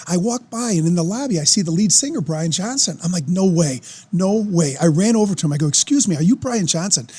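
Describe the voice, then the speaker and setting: A man, telling a story as a podcast guest in an excitable, animated way. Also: high-pitched, fast talker, few pauses, husky. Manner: animated, excitable storyteller who acts out quoted voices. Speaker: podcast guest, former football player. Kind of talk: casual storytelling.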